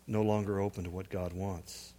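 A man's voice: sits low, flat delivery, moderate pace, dark tone. Man preaching in a reverberant hall. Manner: conversational storytelling preacher, builds to emphatic peaks. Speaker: pastor. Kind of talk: sermon.

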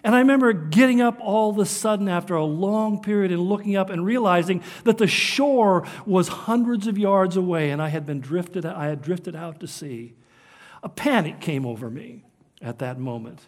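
A man's voice: sits high, expressive, normal speed. An older man from Southern California giving an earnest, emphatic sermon, his delivery rising and falling. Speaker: preacher. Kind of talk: sermon on prophecy.

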